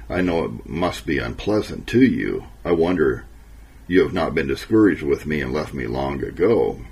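A man voicing a sorrowful, tearful woman who speaks in a soft, trembling, apologetic way. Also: rumbling low, gravelly, husky, full character voice. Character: sorrowful, tearful middle-aged woman, gentle and humble.

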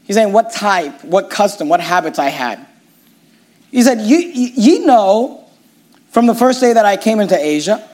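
A man's voice: high-pitched, animated, normal speed, darkish tone. A middle-aged man, a pastor, preaching a sermon with emphatic, repetitive phrasing.

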